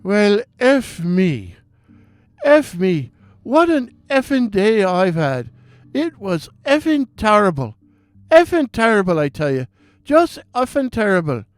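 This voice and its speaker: A man putting on a young Irish bartender with a high Irish voice, ranting about his day and cramming a minced curse into nearly every phrase. The sound is dry and close, with no room echo. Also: very animated, takes it slowly, heavily acted. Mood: exasperated rant. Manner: ranting, swearing constantly in minced words. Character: young Irish bartender, foul-mouthed and fed up.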